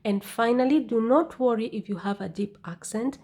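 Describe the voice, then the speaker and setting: A woman teaching an English exam lesson, speaking deliberately and often checking in with "okay?". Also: a little high, a little mellow, husky. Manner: slow, deliberate, repeats "okay?". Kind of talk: scripted lesson narration.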